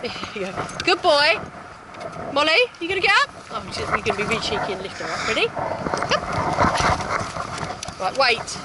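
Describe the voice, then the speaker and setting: A woman's voice: on the high side, sing-song, moderate pace, long pauses. A woman dog trainer chatting on a live-streamed walk in a park, praising her dogs in a sing-song voice. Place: outdoors in a park. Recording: outdoor phone stream with loud noise. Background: loud outdoor noise.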